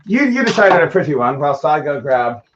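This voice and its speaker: A woman's voice: low-pitched, big pitch swings, a little fast. A woman co-hosting a casual at-home music stream, rambling and joking at her own expense, on a dull lo-fi recording with guitar. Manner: rambling, self-deprecating, repeats herself. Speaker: co-host and guitarist. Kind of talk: casual chat between songs. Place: apartment.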